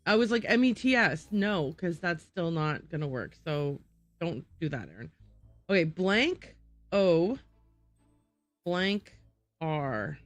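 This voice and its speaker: Slow-talking woman puzzling aloud on stream. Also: fairly low pitch, big pitch swings, dry recording, soft background music. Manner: thinking aloud, muttering over word puzzles. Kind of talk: casual gameplay livestream.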